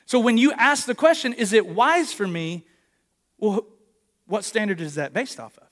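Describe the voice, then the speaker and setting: High-voiced pastor, animated, short of breath. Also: male voice, normal speed. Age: late 30s. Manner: storytelling, animated, calls for congregation response. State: short of breath from injured ribs. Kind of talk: sermon. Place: church, live service.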